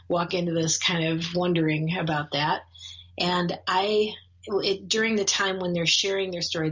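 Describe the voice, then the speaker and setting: Husky-voiced woman telling a heartfelt story. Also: lowish voice, a bit bright, muffled recording. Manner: earnest, laughs often, restarts phrases. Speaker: guest, course facilitator. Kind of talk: casual storytelling in a conversation.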